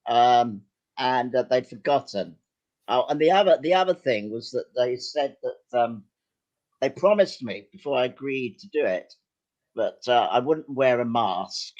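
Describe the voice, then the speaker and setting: An older man, a guest actor and writer, telling lively, self-deprecating anecdotes with some hesitation in casual chat. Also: mid-range voice, measured pace, lo-fi sound.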